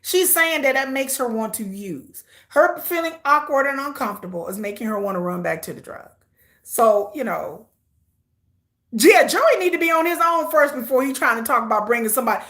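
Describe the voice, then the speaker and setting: Brief: bright, high female reactor, sassy and lively, laughs a lot, talks back at the TV. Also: normal speed. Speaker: reaction host. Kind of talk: casual live reaction commentary.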